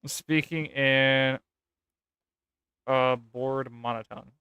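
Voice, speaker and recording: A man's voice: medium pitch, steady tone, very slow, bright, forceful tone, clean tone, dry recording, lo-fi sound. A man reading a document aloud with casual, sarcastic commentary and occasional swearing. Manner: sarcastic, swears, laughs at the text. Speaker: gaming content creator.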